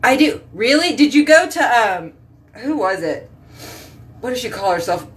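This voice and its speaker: A woman's voice: a little high, sing-song, normal speed, recorded from a distance. A woman hosting a casual live stream, chatting with viewers by name and rambling from topic to topic. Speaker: host reading live chat.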